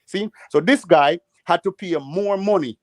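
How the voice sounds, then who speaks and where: A Jamaican man telling rambling, animated stories in patois during a casual panel chat. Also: high voice, a little slow, no room sound, studio quality. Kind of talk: casual storytelling. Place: living in the United States.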